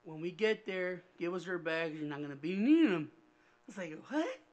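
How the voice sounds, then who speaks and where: A man telling a childhood story on a casual podcast, animated and profane, acting out the people he quotes. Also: sits high, moderate pace. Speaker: podcast co-host.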